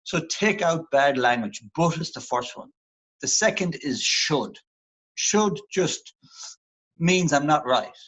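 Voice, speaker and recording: Speaking slowly with lively intonation, an Irish man with a somewhat high, slightly bright voice is captured on a low-quality recording. As a performance psychologist in a motivational interview, he earnestly and reflectively coaches listeners about their inner dialogue.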